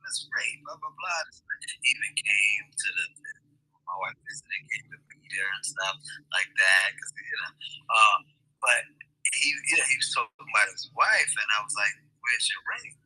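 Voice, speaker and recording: Bright, husky man telling a rambling story. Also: on the low side, normal speed, no echo, low-quality recording. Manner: animated, meandering storyteller. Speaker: guest. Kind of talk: casual conversation.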